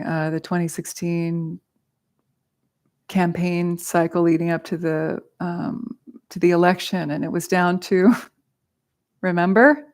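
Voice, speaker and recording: A woman's voice: lowish voice, a little mellow. A woman dharma teacher giving a talk with personal stories, candid, laughing often and swearing freely.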